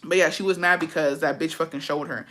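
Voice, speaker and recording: A woman talks straight to her viewers in a loose storytime chat. Her voice is bright and pushy, and she swears freely and gets worked up as she gossips. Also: sits low, fast. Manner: profane, gossipy, animated. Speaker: storytime vlogger.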